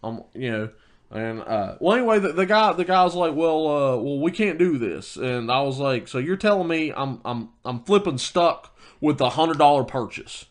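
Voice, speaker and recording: A man's voice: on the high side, expressive, normal speed. A man co-hosting a podcast, telling a heated story in casual chat with many restarts. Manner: storytelling, quoting himself heatedly, lots of restarts. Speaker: podcast co-host.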